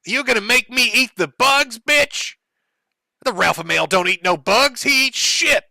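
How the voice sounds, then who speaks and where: A man's voice: very high-pitched, measured pace, vocal fry, pushed and bright, no room sound, voice pushed up, exaggerated voice. A man voicing a furious ranting man in a mocking, exaggerated way. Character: furious ranting man mocked in a high shout.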